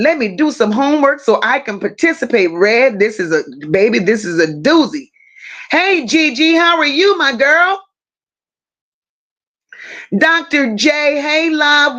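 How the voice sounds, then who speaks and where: In a casual livestream chat, the host greets each viewer by a pet name such as baby or boo. She has a high-pitched, somewhat bright voice, and the stream's audio is dull and lo-fi.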